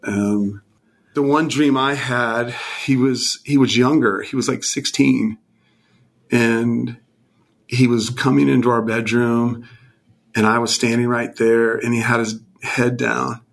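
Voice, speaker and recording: A man's voice: medium pitch, steady tone, takes it slowly, vocal fry. Earnest man in his fifties. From California. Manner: earnest and heartfelt, voice falls to a hushed near-whisper at tender moments. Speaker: guest. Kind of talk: emotional personal testimony in conversation.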